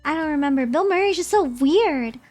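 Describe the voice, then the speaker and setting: Young woman, high voice, casual live-stream chat, rambling, giggly, faint background music. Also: lively intonation, fairly quick, darkish tone.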